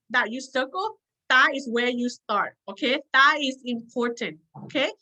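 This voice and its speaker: A woman's voice: high voice, sharp tone, low-quality recording. A woman leading a self-help workshop, earnest and repetitive, often checking in with her listeners. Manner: earnest, repeats points, checks in with "okay?". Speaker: workshop leader.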